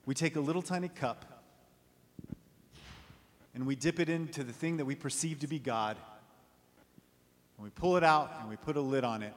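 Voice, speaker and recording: A man preaching a sermon as pastor, rising loud and high for emphasis, then dropping low and quiet. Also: animated, moderate pace, pauses often, big-room sound.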